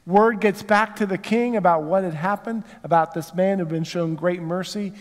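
Southern male pastor, high voice, conversational sermon, long church reverb. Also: normal speed. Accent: Southern American. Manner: conversational, asks the congregation rhetorical questions. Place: church sanctuary.

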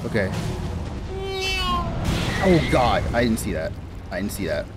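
Guy yelling at a video game boss, swings his voice all over, repeats himself, game music going behind. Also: lowish voice, unhurried. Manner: excitable, repeats himself, swears and laughs at the game. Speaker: gamer. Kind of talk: live gameplay commentary.

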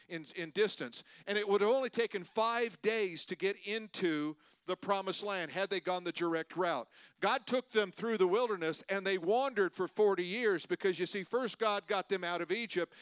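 Pastor guy preaching, higher voice, smooth and clear, dry close sound, drops to hushed bits then gets loud. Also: no room sound. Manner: storytelling, swings between loud preaching and hushed asides. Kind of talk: sermon. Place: church sanctuary.

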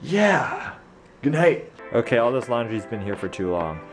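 A man's voice: lowish voice, lively intonation, darkish tone, soft background music. A young man in his twenties filming a casual daily vlog at home, chatty and laughing often as he talks to his camera. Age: 20s. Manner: chatty, laughs often, asks quick questions. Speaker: vlogger. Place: home kitchen, indoors.

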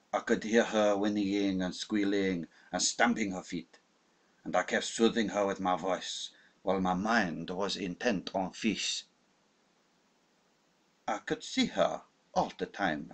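A man voicing a wise older French officer who speaks slowly and tells a tale in a measured way. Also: sits low. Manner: slow, measured storytelling.

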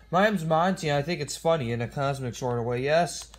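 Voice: medium pitch, lively intonation, moderate pace, hardly any pauses. A parody video maker giving a silly, rambling improvised voice-over, arguing back and forth with itself.

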